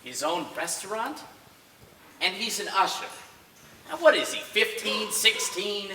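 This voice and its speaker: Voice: mid-range voice, very animated. Stage actor playing a blustering wise-guy brother. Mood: sarcastic. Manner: fast, sarcastic interrogating, rising to shouts. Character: blustering tough-talking man, Bella's brother Louie. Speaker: stage actor in a school play. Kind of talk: live stage acting. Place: school theater stage. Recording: echoey stage from far off, faint noise.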